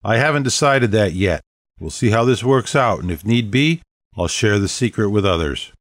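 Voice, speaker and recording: A man's voice: fairly low pitch, expressive, moderate pace, dry recording, studio quality. A man voicing a regal ancient vampire queen. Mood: firm. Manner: bold, stately, proclaiming. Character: regal ancient female vampire leader, commanding. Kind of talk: audiobook character voice.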